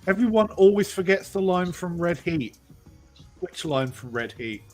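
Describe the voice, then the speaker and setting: A man's voice: high-pitched, expressive, moderate pace, soft background music. A man bantering with friends on a voice call, joking, swearing and teasing. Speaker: participant in a group voice chat.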